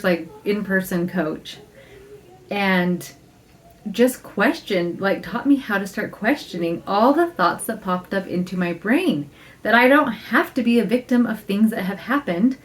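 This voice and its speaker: A woman at a middle pitch talks through a casual podcast monologue as a life coach. She is upbeat and chatty, laughs easily, and acts out her own inner thoughts as little quotes. When something matters, she slows down and leans on the words. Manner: emphatic, slows down to stress key points.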